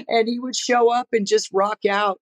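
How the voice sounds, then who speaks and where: A woman in her sixties, a guest musician on a podcast, talking casually with plenty of fillers, restarts and laughter. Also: a little high. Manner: laid-back, laughs often, frequent fillers and restarts. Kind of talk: casual interview storytelling.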